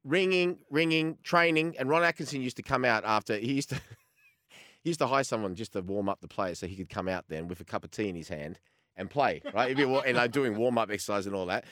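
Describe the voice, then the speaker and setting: A man in his fifties with an Australian accent, a former goalkeeper telling an animated story as a sports radio guest and acting out the conversations he recounts. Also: mid-range voice, brisk, no room sound. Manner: animated storyteller who acts out quoted exchanges.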